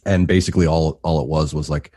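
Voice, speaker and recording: A man in his thirties co-hosting a wrestling podcast, explaining things in a relaxed casual chat with mild cursing. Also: rumbling low, fast, no echo. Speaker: podcast co-host.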